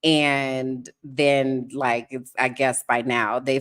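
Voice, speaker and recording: A woman's voice: very deep voice, takes it slowly. A woman hosting a casual podcast, telling stories candidly and with animation. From United States. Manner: candid, animated storytelling with sudden laughs. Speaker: podcast host.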